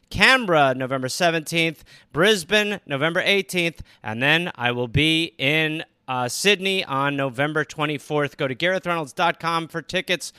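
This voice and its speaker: Man comedian host, forceful bright tone, animated delivery, dry close recording. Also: high-pitched, smooth, dry recording. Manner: loud, jokey, quick to riff. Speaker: podcast co-host. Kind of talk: casual comedy podcast chat and read promo.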